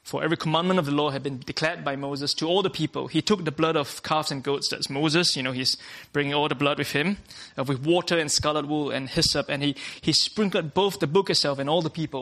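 A man's voice: a little high, a little fast, creaky, few pauses, a bit bright. A man preaching a sermon to a workplace gathering, earnest, often starting lines with "uh" and restating his points.

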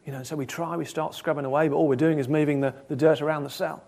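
A man's voice: a little high, steady tone, very fast, vocal fry, hardly any pauses. Earnest male preacher, probing questions. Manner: earnest, probing questions, swings between loud and soft. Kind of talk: sermon.

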